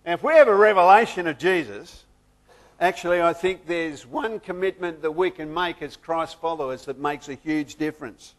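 A man pastor who prays softly, then preaches a sermon with lively humor and jokes. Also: fairly high pitch, normal speed.

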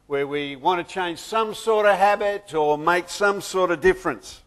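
A man pastor who prays softly, then preaches a sermon with lively humor and jokes. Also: sits high.

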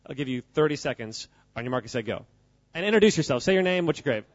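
An American man with a medium-pitched, expressive voice talks fast and jokingly to a live audience at a church gathering, quizzing the crowd along the way. The audio is dull and has no room sound.

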